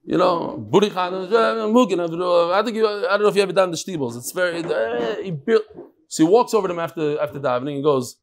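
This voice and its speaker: Male Talmud class host, slightly high voice, animated, thinks aloud and asks the room questions. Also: quick pace, vocal fry. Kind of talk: daily Talmud class before a live audience.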